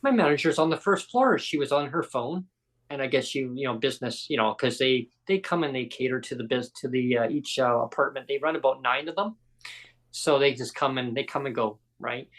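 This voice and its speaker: A man's voice: mid-range voice, fairly quick, poor audio. A man hosting a casual podcast chat, telling a story animatedly and acting out the people in it. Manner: animated storyteller, acts out quotes. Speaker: podcast host.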